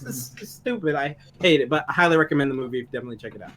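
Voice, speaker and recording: A man's voice: a little high, racing, hardly any pauses, noisy background. A man co-hosting a podcast, ranting in casual chat with lots of swearing. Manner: animated ranting with frequent profanity. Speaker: podcast co-host. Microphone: home microphone, live online show.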